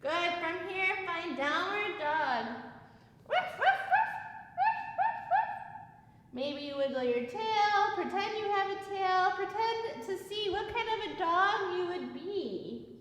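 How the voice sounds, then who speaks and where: High-voiced playful kids yoga teacher. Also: female voice, expressive, unhurried. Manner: gentle, playful, sing-song cues. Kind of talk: guided kids yoga class. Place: yoga studio room. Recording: very echoey room with long reverb.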